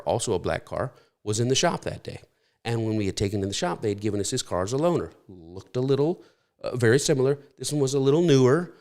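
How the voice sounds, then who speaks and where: A man's voice: mid-range voice, darkish tone. A middle-aged man preaching a sermon in a conversational, storytelling way with frequent restarts. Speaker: pastor.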